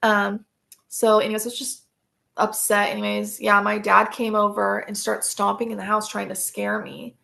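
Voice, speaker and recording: A woman's voice: medium pitch, monotone, normal speed, creaky, sharp tone. A woman, a podcast guest, telling personal stories in a casual, rambling way, full of fillers and restarts.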